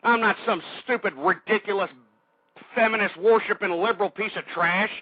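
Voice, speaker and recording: A man's voice: sits high, moderate pace, no room sound. A male radio host ranting angrily at his listeners, insulting them and calling them folks. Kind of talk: talk radio rant. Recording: dry, muffled internet radio stream.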